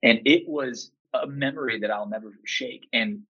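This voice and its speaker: A man in his thirties tells his stories with a husky, slightly rough edge and plenty of animated emphasis, acting out what others said. The audio is muffled and lo-fi, as if heard over a remote line. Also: medium pitch, moderate pace. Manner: animated, emphatic, acts out quotes. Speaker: podcast guest, teacher and father. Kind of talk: enthusiastic storytelling chat.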